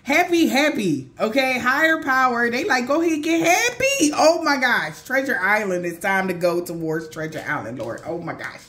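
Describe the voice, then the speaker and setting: Excitable woman reading tarot cards. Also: mid-range voice, moderate pace, few pauses. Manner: excitable, gasping and exclaiming. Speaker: tarot card reader. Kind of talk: casual spiritual tarot reading.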